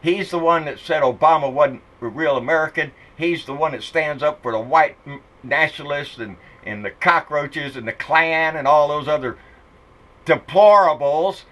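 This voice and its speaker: A man's voice: on the high side, moderate pace, a bit bright, rough recording. A middle-aged man, ranting about politics in a blunt, profane, mocking way. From Texas. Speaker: political vlogger.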